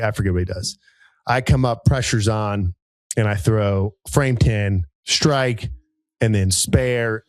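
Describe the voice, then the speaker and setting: A man in his thirties, a podcast co-host telling a rambling, animated story with many fillers and jumps into high voices for people he quotes. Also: no echo. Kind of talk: casual storytelling chat.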